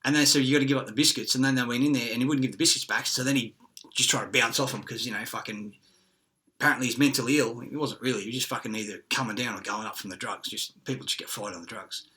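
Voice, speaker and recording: Ranting Australian man with a bright, cutting voice, swearing through a rambling monologue. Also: mid-range voice, fast. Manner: agitated, profane, conspiratorial ranting.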